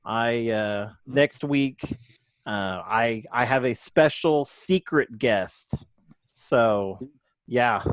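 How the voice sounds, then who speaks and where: A man's voice: medium pitch, very slow, no room sound. A man co-hosting a podcast who talks casually and stumbles over his words as he wraps up the show. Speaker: podcast co-host and editor. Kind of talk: casual chat.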